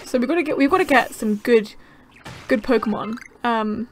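Bubbly high-voiced young woman gaming. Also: normal speed, slight background noise. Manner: bubbly, gasping, easily excited. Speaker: gaming channel host. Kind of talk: casual gameplay commentary.

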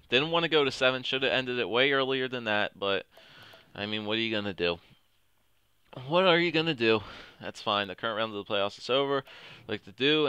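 A young man giving excitable commentary over a hockey video game, cheering on his team. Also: mid-range voice, clean tone, no echo. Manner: excitable, talks to the players on screen. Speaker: gaming commentator.

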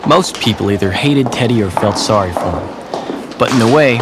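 A man's voice: medium pitch, expressive, moderate pace, very noisy, close to an everyday voice. A man voicing Tom, a dry reflective teen narrator. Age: teens. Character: reserved teenage boy, Tom. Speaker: narrator and high school student.

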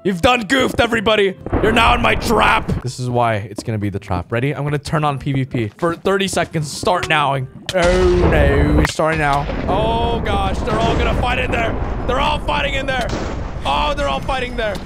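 A man's voice: sits high, animated, moderate pace, creaky. A young man giving playful, teasing gaming commentary as he hosts a server event, full of gleeful exclamations. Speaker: Minecraft YouTuber hosting a server event. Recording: voice over loud background music.

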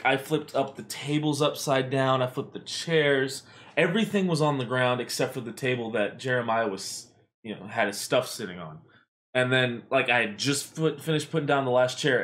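A man hosting a podcast, telling a funny story in a loose, animated way. He swears freely and speaks at a mid pitch. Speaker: podcast host. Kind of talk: casual storytelling.

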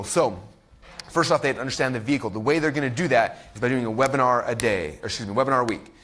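A man in his thirties leads a marketing workshop at a quick, eager clip. His voice sits in a middle register, and he keeps checking in with "right?" as he jumps between stories and acted-out voices. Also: medium pitch. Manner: fast, excitable, repeats "like" and "right?", acts out voices. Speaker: online marketing coach. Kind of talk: teaching a recorded marketing workshop.

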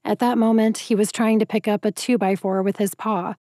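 Woman narrator for a first-person romance audiobook; warm, intimate, emotive read in a dry booth. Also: medium pitch, steady tone, brisk, no echo.

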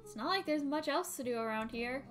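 A woman voicing a cheerful, evasive boy in a game, talking quickly and loudly. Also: high voice, animated, soft background music, pitched above the performer's own voice. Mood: breezy. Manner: quick, loud and upbeat. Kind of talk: reading game dialogue aloud.

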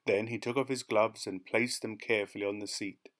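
A man reading a short story aloud as audiobook narration, in a measured, even manner. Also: lowish voice. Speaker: audiobook reader. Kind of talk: scripted narration.

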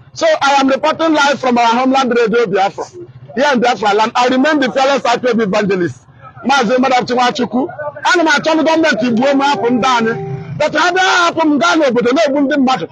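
A man's voice: very high voice, fairly bright tone, a little hiss or hum, low-quality recording. A man with an Igbo-speaking Nigerian accent gives an impassioned street broadcast in fiery, insistent speech, often repeating phrases.

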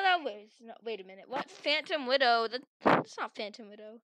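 High-pitched, bright woman playfully shouting. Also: animated, normal speed, no room sound. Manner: theatrical, swings from mock fury to shouting; teasing, giggly. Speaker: gaming channel host. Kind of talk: playful game commentary with friends.

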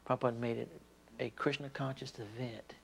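A man tells a story about his teacher, acting out the quoted lines with energy. His voice has a gravelly edge. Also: medium pitch, flat delivery, brisk, slight background noise. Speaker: disciple recalling his teacher. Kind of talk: reminiscing interview.

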